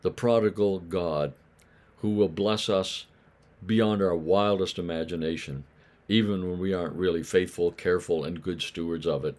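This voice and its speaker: A man's voice: low voice, fairly even intonation, moderate pace, a little mellow. A man preaching a daily Bible devotional in a conversational way, asking his listeners questions and acting out the voices of grumbling neighbors.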